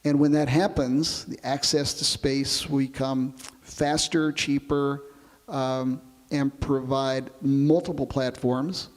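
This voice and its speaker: A man who flew as an astronaut, telling his experiences in an oral history interview in a relaxed storytelling way. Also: mid-range voice, takes it slowly, big-room sound. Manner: relaxed storytelling, explains with comparisons.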